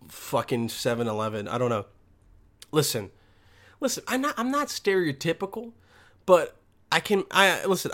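A man's voice: mid-range voice, fairly bright tone. A man delivering a crude, profane monologue, rambling and losing his thread, blunt and combative.

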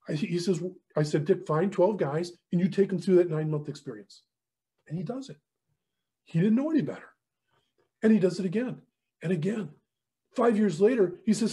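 A man's voice: on the high side, brisk. A middle-aged man telling a faith story as a guest speaker, acting out both sides of each conversation. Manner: animated, acts out both sides of dialogue. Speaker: ministry leader and guest speaker. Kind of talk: storytelling testimony.

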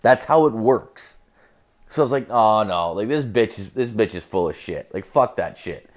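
A man's voice: lowish voice, expressive, moderate pace. A young man telling a profane, rambling story as a rant, full of fillers and crude asides.

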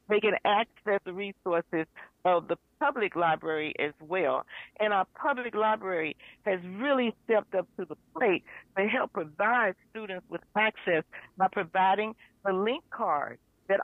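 Older woman guest, retired librarian, passionate and emphatic, gravelly voice, dry tinny phone line. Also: mid-range voice, no echo. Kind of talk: impassioned advocacy in a podcast interview.

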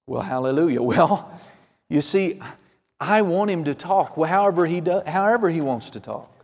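A man preaching a fervent sermon, calling out amens and hallelujahs, swinging between loud and hushed. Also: sits high, expressive, moderate pace, big-room sound. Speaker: pastor.

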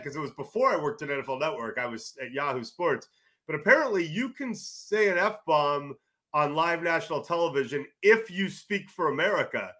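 A middle-aged man from California talks loudly and eagerly as a podcast guest, restarting his sentences as the stories tumble out. His voice sits a little high and rings bright and forceful. He rambles between anecdotes in a casual, animated way. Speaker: sports journalist guest.

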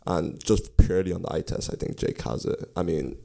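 A man with a subtle Irish accent tinged with American, co-hosting in a hesitant, low-key way. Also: brisk, vocal fry, warm tone. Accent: subtle Irish with American tint. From Ireland. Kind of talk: casual podcast chat.

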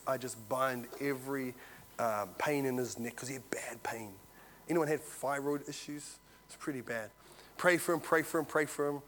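A man preaching a sermon, telling a story and swinging from loud to hushed. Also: medium pitch. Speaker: visiting preacher.

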